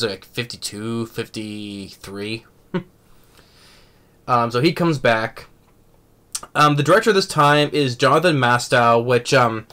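A man's voice: medium pitch, bright, forceful tone. A young man giving a casual film review who rambles and halts, restarting his sentences often. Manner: rambling, halting, many restarts and fillers. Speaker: movie reviewer.

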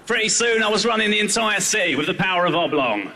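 A man's voice: sits high, very animated, fast talker, pushed and bright, long reverb tail, slight background noise. A man doing surreal stand-up comedy, bantering playfully with the crowd and slipping into silly voices.

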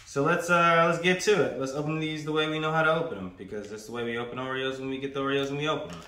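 A man's voice: medium pitch, racing, background noise. A man casually reviewing snacks in a loose, playful vlog manner, repeating himself as he talks. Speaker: food reviewer. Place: indoors, standing. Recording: roomy echo.

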